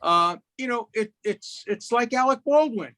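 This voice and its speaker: A man in his eighties from Brooklyn, a guest telling jokes and stories in a lively, punchy way. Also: extremely high pitch, measured pace. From Brooklyn, USA. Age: 80s. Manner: lively raconteur, punchy delivery. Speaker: guest, lawyer. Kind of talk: animated storytelling, joke-telling chat.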